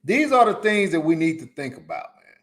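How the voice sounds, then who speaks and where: A man's voice: fairly high pitch, very animated, fairly quick. A man hosting a solo live podcast, giving emphatic, repetitive advice in casual slang. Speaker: podcast host. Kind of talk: solo live-stream commentary.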